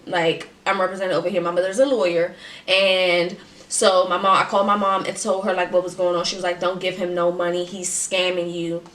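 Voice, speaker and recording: A woman vlogger telling a personal story in casual, slangy chat, with emphatic and animated delivery. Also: fairly low pitch. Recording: echoey room.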